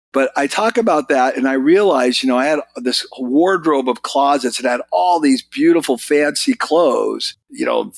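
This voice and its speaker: An American man in his sixties, a podcast guest telling stories in casual chat, his voice jumping up when he gets excited. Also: vocal fry. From United States. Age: 60s. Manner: animated storyteller, pitch jumps when excited. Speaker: podcast guest, business author.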